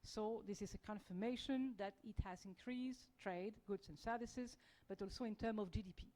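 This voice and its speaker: A woman's voice: medium pitch, moderate pace, warm tone, low-quality recording. French-accented woman on a trade panel. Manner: hesitant, many fillers and restarts. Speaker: panelist, EU diplomat. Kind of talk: panel discussion.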